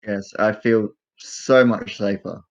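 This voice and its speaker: A man's voice: fairly low pitch, steady tone, takes it slowly, highs cut off. A man voicing a sarcastic male mage who is afraid of being captured, speaking with dry irony.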